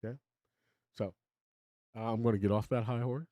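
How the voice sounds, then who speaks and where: A man's voice: medium pitch, steady tone, moderate pace, no echo, highs cut off. Older man rambling on his live stream. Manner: rambling, opinionated, chuckles often, talks to chat. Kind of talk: casual live-stream monologue.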